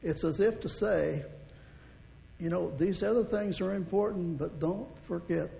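Gravelly preacher in an echoing hall. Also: male voice, a little slow, dark tone. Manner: folksy, rambling with restarts, chuckles. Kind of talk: sermon. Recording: long hall reverb, faint rumble.

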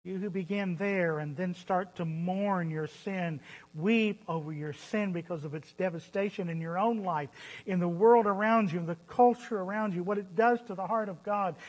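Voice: mid-range voice, moderate pace. A preacher delivering a sermon, stressing points by repeating phrases and asking rhetorical questions. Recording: long hall reverb.

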